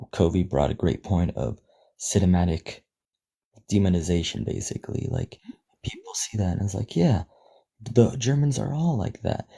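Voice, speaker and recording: A man's voice: deep voice, gravelly, warm tone, breathy edge. A man speaking as a panelist in a casual discussion, earnest and conversational.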